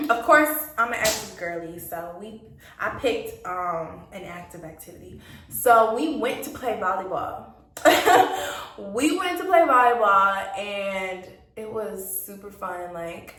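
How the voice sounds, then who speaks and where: A young woman shares a dating story in a casual storytime vlog, chatty and laughing frequently while acting out quoted dialogue. Her mid-range voice is fairly bright, recorded from a distance in a roomy space.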